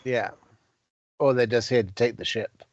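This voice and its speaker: A man's voice: mid-range voice, steady tone, normal speed, no echo. A man playing a tabletop game, making dry, wry remarks. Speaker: player. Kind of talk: casual tabletop play. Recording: dull dry lo-fi mic.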